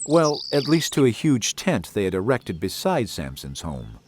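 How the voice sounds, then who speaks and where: A man narrating a children's audiobook in an expressive, dramatic manner. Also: lowish voice, moderate pace, a little hiss or hum. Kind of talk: scripted storybook narration.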